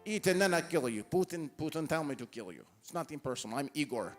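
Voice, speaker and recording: A man preaching puts on a menacing Russian hitman voice with a mock Russian accent, low and deadpan. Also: fast talker, soft background music, lightly acted. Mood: mock menace.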